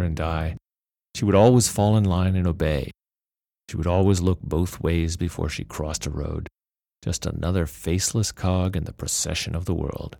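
A man reading a novel aloud as narrator in a steady, measured way. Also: sits low, gravelly, no room sound, clean studio sound. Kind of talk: storybook narration.

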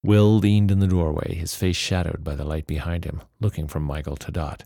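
A man narrates a novel aloud in a steady, measured reading. His voice is very low and gravelly. The recording is dry and close. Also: no room sound. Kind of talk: storybook narration.

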